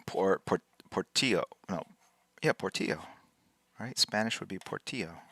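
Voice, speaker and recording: A man's voice: low-pitched, animated, normal speed, creaky, pushed and bright, husky. A man hosting a live drawing stream, chatting casually and playfully with his chat while he works, teasing them and repeating words to practice saying them.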